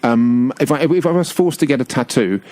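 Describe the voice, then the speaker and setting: A man's voice: medium pitch, brisk, darkish tone, no echo. Rambling man, radio guest. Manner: rambling, tangential, playful. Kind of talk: casual radio chat. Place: radio studio. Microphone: studio microphone.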